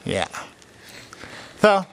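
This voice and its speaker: A man playing a goofy, excitable comedy character who tells stories with shrieks and sighs. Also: very slow, a little hiss or hum. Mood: excited.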